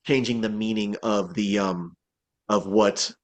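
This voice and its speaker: Rather low-voiced and a little slow, the man is a voice actor chatting loosely in an interview. He keeps restarting, leans on fillers, and performs quotes with animation.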